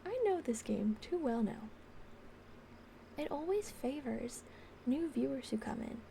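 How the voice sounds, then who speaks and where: A woman streamer chatting casually on a live stream, rambling and giggling, often dropping into soft whispers close to a desk microphone. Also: high-pitched, expressive, measured pace, vocal fry, slight background noise. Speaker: ASMR streamer. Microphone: desk microphone on a stand.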